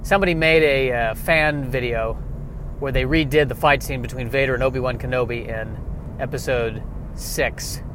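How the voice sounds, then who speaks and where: A man riffing through a rambling comedic monologue, self-mocking, dropping quiet and then bursting louder. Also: mid-range voice, steady tone, normal speed, noisy background.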